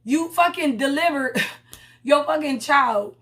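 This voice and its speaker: Speaking slowly and expressively, this young woman has a high, fairly bright voice. She's doing a casual commentary vlog, reviewing a reality TV episode in blunt, profane, slangy chat.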